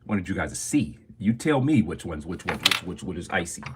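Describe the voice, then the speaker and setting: A man's voice: low voice, very animated, fairly quick, noisy background. A man, a jeweler, chatting casually and upbeat with viewers on a phone live stream from his shop. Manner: talkative and upbeat, greets viewers often.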